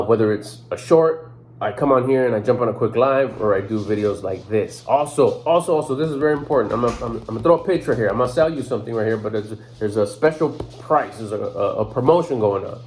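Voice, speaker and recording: A man at an ordinary middle pitch makes a casual sales pitch straight to camera for his personal development channel. He speaks loosely in everyday slang, often restarting and repeating words as he goes. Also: fast, a little mellow.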